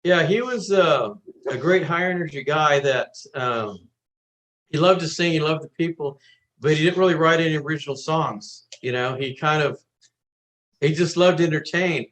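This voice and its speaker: A man's voice: on the high side, normal speed. A man from the United States, a guest musician, telling stories in a casual interview and acting out the voices of the people he quotes. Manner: animated storyteller, acts out quoted voices.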